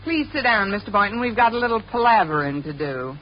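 An actress playing a sarcastic, wisecracking woman schoolteacher in a 1950s radio sitcom, quick with quips and a little flustered. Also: medium pitch, animated, slight background noise, lightly acted. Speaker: English teacher. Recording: dull old radio recording with studio audience laughing.

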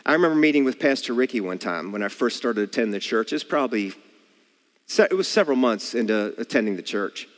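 A man's voice: medium pitch, lively intonation, quick pace, big-room sound. A man preaching a sermon, earnest and asking the listeners rhetorical questions.

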